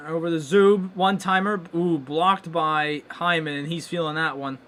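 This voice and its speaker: A young man hosting a live hockey watchalong, calling the play-by-play casually and breaking into loud excited exclamations. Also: on the high side, moderate pace. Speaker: watchalong host.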